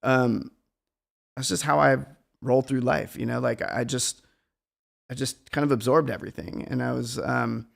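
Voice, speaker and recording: A man's voice: mid-range voice, fairly even intonation, unhurried, gravelly. A middle-aged man, a guest musician, talking in a meandering, reflective and self-deprecating way in a casual conversation.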